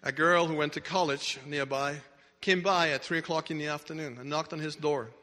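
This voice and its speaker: Preacher guy telling a story from the pulpit, kinda high bright voice, lots of hall echo. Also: steady tone, fairly quick. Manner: emphatic, dramatic storyteller with restarts. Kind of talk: sermon storytelling. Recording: echoey hall reverb.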